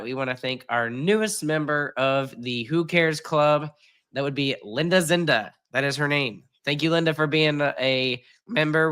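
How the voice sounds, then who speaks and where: A man's voice: mid-range voice, bright, forceful tone, clear, resonant tone. A man hosting a casual sports podcast while sick and congested, rambling with lots of fillers and self-deprecating jokes. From United States. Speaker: podcast host.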